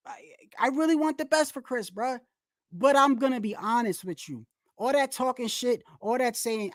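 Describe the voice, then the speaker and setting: A woman's voice: on the high side, normal speed, no room sound, studio quality. Blunt, swearing woman ranting on stream. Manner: blunt, emphatic, swears, many restarts. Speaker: boxing commentary streamer. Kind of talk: live stream commentary, casual rant.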